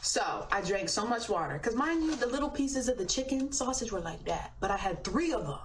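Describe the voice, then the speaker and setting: A young woman on a livestream, telling a story in a chatty, animated way and swearing casually. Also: fairly high pitch, fairly quick. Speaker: singer on a livestream. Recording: echoey, distant playback with faint noise.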